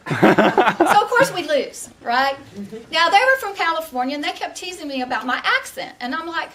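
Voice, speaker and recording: A woman's voice: sits high, sing-song, normal speed, long pauses, far from the mic, background noise. A middle-aged woman from Texas, giving a humorous tall-tale speech and laughing through her punchlines. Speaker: contest speaker.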